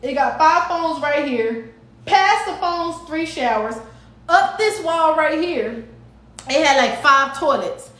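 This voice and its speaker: Animated woman telling a story live. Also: high-pitched, takes it slowly, roomy sound. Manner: animated, dramatic retelling with acted-out quotes. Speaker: live-stream host. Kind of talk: casual storytelling to live viewers.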